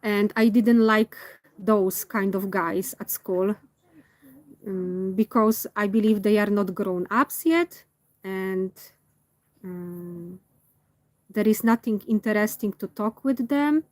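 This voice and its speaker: Non-native English woman, reflective vlog monologue, slow and searching, dry close sound. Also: medium pitch, no room sound. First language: not English. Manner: thoughtful, pauses to search for words. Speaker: vlogger.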